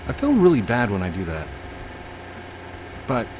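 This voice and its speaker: A man's voice: on the low side, huge pitch swings, normal speed, noisy background. A man casually commenting while he plays a building game, chatting to himself and his viewers. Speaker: let's play host.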